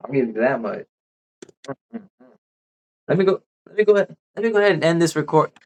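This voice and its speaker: A man's voice: fairly high pitch, very animated, brisk, a little mellow. Laid-back man chatting on a podcast. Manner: laid-back, repetitive restarts. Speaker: podcast co-host. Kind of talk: casual podcast chat.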